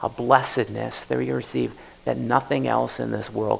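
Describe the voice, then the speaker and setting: Gravelly-voiced male pastor preaching. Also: mid-range voice, little pitch movement, normal speed, a little mellow, a little hiss or hum, poor audio. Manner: conversational preaching, often acting out prayers in first person. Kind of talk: sermon. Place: church service.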